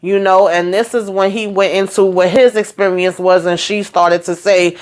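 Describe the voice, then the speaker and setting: A woman chatting casually through a TV episode recap, retelling scenes in a lively, filler-filled way. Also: medium pitch, normal speed. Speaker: TV show recap vlogger.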